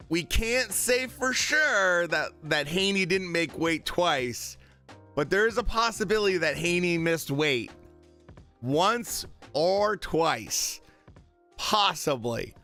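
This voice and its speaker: Bright-voiced chatty male streamer. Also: sits high, lively intonation, takes it slowly, faint music behind. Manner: chatty, many fillers, retells quotes. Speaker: boxing streamer. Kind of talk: casual live-stream commentary.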